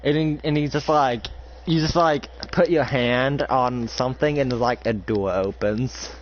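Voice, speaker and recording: A young man narrates a casual tabletop-style role-play as game master, rambling and stacking fillers as he goes. His voice is mid-pitched and comes through a dull, lo-fi recording with a light hiss. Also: unhurried.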